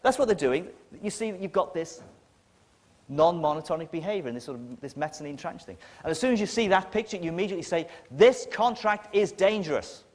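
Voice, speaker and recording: A man's voice: a little high, expressive, fast. A man with a northern English accent giving a talk to an audience, blunt and emphatic, with a sardonic edge. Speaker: conference speaker. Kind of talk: lecture to an audience. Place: lecture hall with an audience. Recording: long reverb of a lecture hall.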